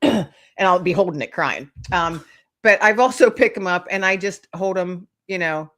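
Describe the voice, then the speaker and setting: A middle-aged woman, a guest author, telling lively anecdotes in casual chat, acting out little voices and laughing often. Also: on the low side, moderate pace. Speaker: guest, author and podcast host.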